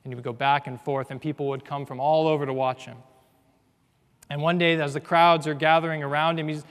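A man preaches in a big hall whose long reverb trails after each phrase. His voice sits a little high for a man. He drops to a near hush, then rises loud and emphatic as he drives his point home. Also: steady tone, a little fast, clear, resonant tone. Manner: earnest, swings from hushed to loud and emphatic. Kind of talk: sermon.

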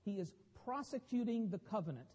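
A man's voice: sits high, expressive, fairly quick, a little mellow, husky, in a large hall. A man explaining a Bible passage in a conversational teaching style with wry asides.

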